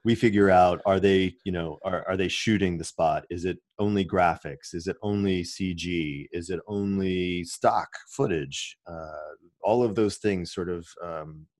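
A man who works as a commercial producer and voice-over artist, explaining his work in a relaxed, casual interview. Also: low-pitched, unhurried, dry recording. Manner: relaxed, explanatory, many restarts.

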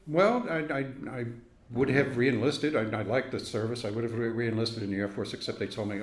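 At medium pitch and normal speed, an older man from Brooklyn, New York reminisces about his youth in an oral history interview recorded in an echoey room. Storytelling with chuckles, he acts out the voices of people he quotes.

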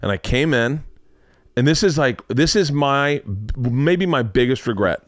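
A man hosting a podcast, telling stories in a casual, animated way, with loud excited impressions and lots of swearing. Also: medium pitch, a little slow, no room sound, clean studio sound. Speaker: podcast host. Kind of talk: casual storytelling chat.

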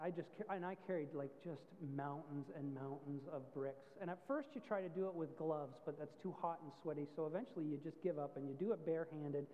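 A man's voice: a little high, big-room sound, dull audio. A male pastor giving a sermon, talking conversationally and explaining with everyday stories. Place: church.

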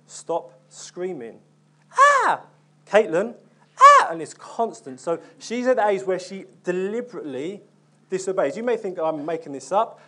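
Earnest young man preaching. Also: fairly high pitch. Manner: earnest, conversational, with many ums and restarts. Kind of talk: sermon.

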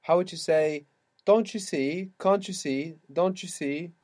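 A man's voice: fairly high pitch, a little slow, a little mellow. A man teaching a spoken language lesson, patiently prompting and praising his student.

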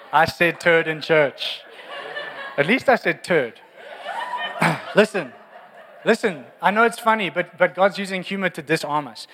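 A man preaching a humorous, lively sermon in a church. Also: fairly high pitch. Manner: humorous, animated preaching with acted prayers. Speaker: pastor. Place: large church hall. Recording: reverberant church hall.

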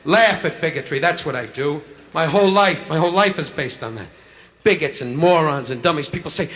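A man's voice: fairly high pitch, expressive, a bit bright. A man doing insulting stand-up crowd work on a nightclub stage, firing barbs at audience members. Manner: insulting, rapid-fire banter with the audience. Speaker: stand-up comedian. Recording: noisy 1960s live album recording.

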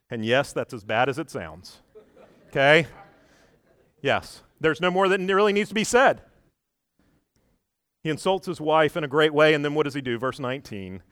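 A man delivers a sermon in a slightly high voice, recorded close and dry. He tells the story with energy, getting loud on quoted lines and dropping low for asides, and keeps checking in with questions to his listeners. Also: lively intonation, normal speed, pauses often, no room sound. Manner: asks the listeners questions often. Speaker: preacher.

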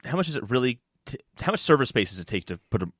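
A man's voice: mid-range voice, big pitch swings, very fast, dry recording, studio quality. A man co-hosting a gaming podcast in casual chat, easygoing and thinking aloud as he works through an idea. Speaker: podcast co-host.

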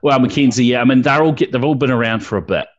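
A man's voice: mid-range voice, fast, lo-fi sound. A New man hosting a casual sports podcast, chatting loosely and swearing freely. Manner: swears freely, laid-back banter. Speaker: podcast host.

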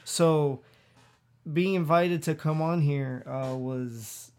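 Man, podcast guest, fairly high pitch, eager, chatty, hesitant starts. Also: takes it slowly, darkish tone, clear, resonant tone. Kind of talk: casual podcast chat.

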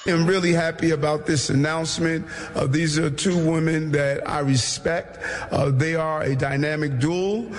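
A man makes a cheerful announcement at a press event. His voice sits somewhat high, with a few "uh" fillers. Faint ambience can be heard behind him. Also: fairly even intonation, moderate pace, hardly any pauses, a little hiss or hum. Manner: enthusiastic, with fillers. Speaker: city mayor. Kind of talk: press conference remarks.

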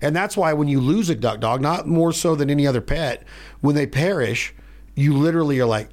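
A man hosting a podcast in a studio, telling stories in a rambling, animated way. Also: fairly high pitch, fairly quick. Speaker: podcast host. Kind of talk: casual chat.

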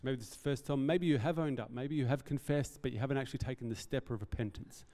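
A fast-talking pastor with a medium-pitched, warm and mellow voice preaches earnestly in a conversational way, tossing in self-deprecating comments between points. The long reverb of a hall surrounds him.

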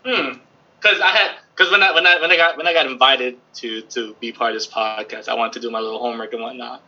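Excitable husky-voiced man chatting. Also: medium pitch, fast. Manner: excitable, laughing, stumbling repeats. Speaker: podcast guest. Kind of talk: casual chat. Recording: dull lo-fi audio.

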